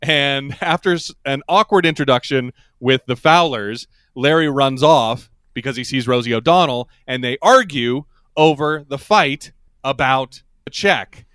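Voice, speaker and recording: A man's voice: mid-range voice, a little slow, fairly bright tone, clear, resonant tone, no room sound, studio quality. A man co-hosting a podcast, chatting casually and rambling as he recaps a TV episode, laughing often. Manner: rambling, laughs often, acts out quoted lines. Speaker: podcast co-host.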